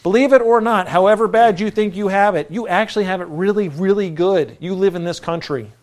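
A man preaching in a conversational style, telling a personal story with lively energy. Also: high-pitched, a little fast.

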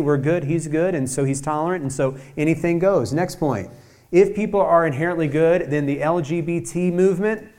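A pastor preaching with urgency, his voice sitting a little high for a man. He fires off rhetorical questions and slips into quoted voices that swing up and down in pitch. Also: darkish tone. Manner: acts out quoted voices, rising and dropping in pitch. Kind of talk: sermon.

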